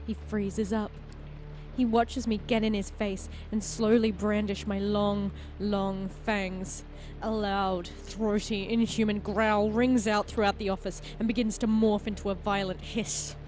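A woman playing a story game, reading its text aloud as an expressive narrator and chatting between passages. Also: mid-range voice, unhurried, faint music behind. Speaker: player and host of a game playthrough.

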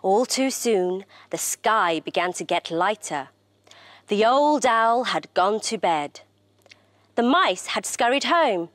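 A woman children's TV presenter reads a storybook aloud in an expressive, animated way. Her delivery is slow and lively, rising and falling a lot. The sound is close and dry. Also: mid-range voice, no room sound.

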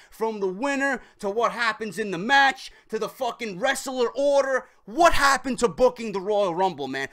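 A man's voice: extremely high pitch, a bit bright. A man giving an angry, swearing rant as a wrestling show reviewer. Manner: furious, swearing, repetitive rant.

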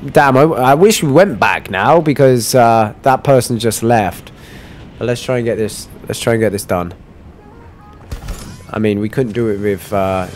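A man streaming a live shooter game and chatting to viewers, trailing off into low mutters and then breaking into loud frustrated outbursts. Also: slight background noise. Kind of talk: casual live game commentary.

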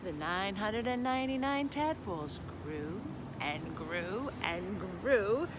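A woman reading a children's picture book aloud with slow, expressive storytelling, with background noise. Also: medium pitch. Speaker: storybook reader.

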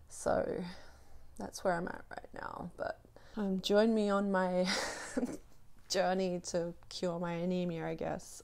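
A woman's voice: fairly low pitch, creaky, a little mellow. A woman talking in a rambling, wry and self-mocking way in a casual phone vlog, out of breath. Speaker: vlogger.

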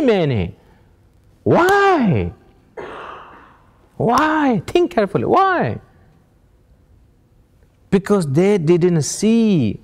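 A man's voice: high-pitched, darkish tone. A man giving an informal meditation teaching in plain non-native English, asking rhetorical questions and chuckling as he tells stories. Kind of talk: informal spiritual teaching to an audience.

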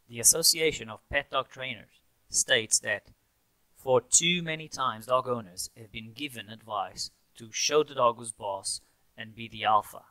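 A man with a very bright, sharp voice teaching about animal training. He speaks in a measured, explanatory way and often reads out research and the positions of professional groups. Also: mid-range voice, vocal fry, poor audio. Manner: measured, reads out cited sources. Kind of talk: explanatory video lesson.

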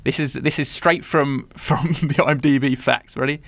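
A man's voice: medium pitch, steady tone, normal speed, creaky, fairly bright tone, dry recording. British podcast guy, giggly and playful, dry close sound. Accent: British English. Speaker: podcast co-host. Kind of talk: casual film review chat.

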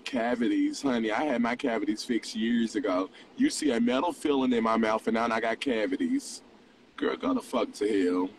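A lowish-voiced young man in his twenties hosts a livestream at a moderate pace, part mock preacher, part profane confessor, veering between teasing and confessional moods. The low-quality recording comes from a distant mic with slight background noise.

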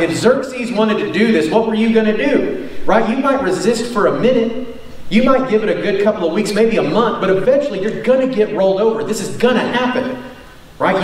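A man's voice: high voice, recorded from a distance. A man preaching a sermon as pastor, in a conversational way that often checks in with the listeners. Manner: conversational, tag questions "right?". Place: church hall. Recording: echoey room from off the mic.

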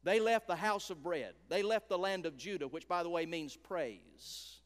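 A man preaching a revival sermon, emphatic and rhythmic, dropping to a hush on key words. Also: sits high, moderate pace. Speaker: guest preacher. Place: large church sanctuary. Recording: hall reverb in a church.

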